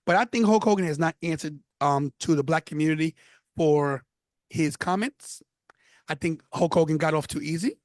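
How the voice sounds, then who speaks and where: Man from new york, podcast guest, high voice, dry close sound. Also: normal speed, no room sound. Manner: animated storyteller. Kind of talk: casual interview.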